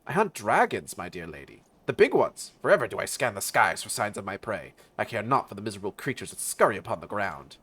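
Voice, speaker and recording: A man's voice: lowish voice, big pitch swings, brisk, few pauses, fairly bright tone, slightly rough, full character voice. A man voicing a proud, arrogant male noble dragon hunter who speaks in a haughty, old-fashioned way.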